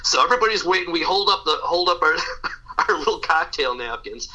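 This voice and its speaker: A man's voice: fairly high pitch, lively intonation, brisk, bright, forceful tone, rough recording. A man chatting in a casual interview, telling an anecdote with stammering restarts and frequent laughs.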